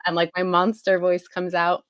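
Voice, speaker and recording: A woman in her thirties talks as a podcast co-host, explaining her points in a relaxed, conversational way. Her voice is on the low side and she laughs easily. The recording is close and dry. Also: normal speed, no echo. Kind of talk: casual conversational chat.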